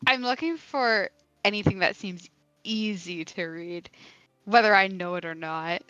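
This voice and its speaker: Brief: female player, slow and bright, giggly, slightly muffled recording. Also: mid-range voice, smooth, dry recording, soft background music. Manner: giggly, hesitant. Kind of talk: playing a tabletop game.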